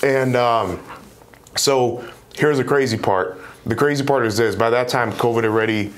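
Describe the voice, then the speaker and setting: A man in his twenties, a real estate investor guest, telling a story in a casual, animated way. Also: medium pitch, normal speed. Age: 20s. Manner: animated, acts out quoted dialogue.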